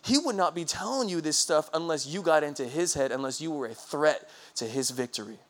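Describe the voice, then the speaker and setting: A man's voice: fairly high pitch, animated, brisk, fairly bright tone, a little hiss or hum. A man voicing an encouraging male race car mentor urging his pupil on. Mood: urgent. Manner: urgent, encouraging.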